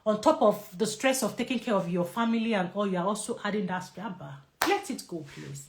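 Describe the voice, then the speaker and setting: A woman doctor with a Nigerian English accent giving a lively live talk on stress and answering viewer questions. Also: medium pitch, fast talker, background noise.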